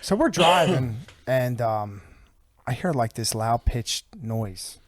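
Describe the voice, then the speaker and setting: A man hosting a podcast, telling a story in casual chat, animated and profane with lots of fillers. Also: mid-range voice, takes it slowly, dry recording, studio quality. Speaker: podcast host.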